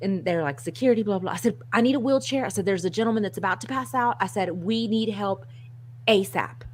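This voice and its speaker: A woman co-hosting a casual chat show, telling a story in an animated, self-mocking way and laughing often. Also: mid-range voice, fast, a little hiss or hum. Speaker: co-host.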